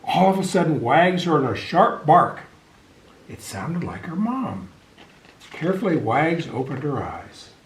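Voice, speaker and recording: A man reading a children's picture book aloud over a video call, with a fairly high voice and lively, swooping delivery. He takes an unhurried pace. The room echo is noticeable. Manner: expressive, animated storytelling. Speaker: storybook reader. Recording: echoey room.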